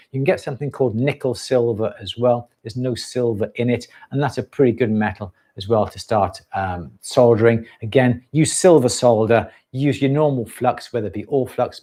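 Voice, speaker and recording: A man hosting a live jewellery stream, answering questions at an easy, practical pace. He explains step by step, restarting sentences and filling pauses as he goes. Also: medium pitch. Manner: relaxed, explanatory, with fillers and restarts.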